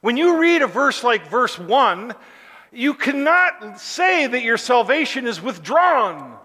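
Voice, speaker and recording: A man preaching a sermon, emphatic, building to shouted lists and then dropping low again. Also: very animated, slow pace. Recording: long hall reverb.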